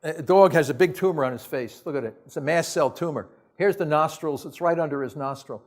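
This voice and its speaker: A man with a slightly high, fairly quick voice gives a science lecture to an audience. He is emphatic and exasperated, firing off blunt rhetorical questions in casual, off-the-cuff wording.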